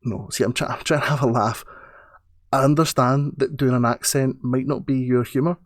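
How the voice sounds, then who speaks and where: A man's voice: medium pitch, fairly even intonation, no echo. A Scottish man talks back to a critic in a sarcastic, stop-start way, tripping over his words as he goes. His voice sits mid-range and sounds dry and close. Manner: sarcastic, halting, with stammered restarts. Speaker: streamer. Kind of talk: defensive reply to a critic.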